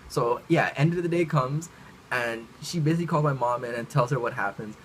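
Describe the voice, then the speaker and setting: A Canadian man, a vlogger, telling a childhood story in a lively way and laughing between lines. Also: mid-range voice, brisk, slight background noise, rough recording. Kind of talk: storytime vlog.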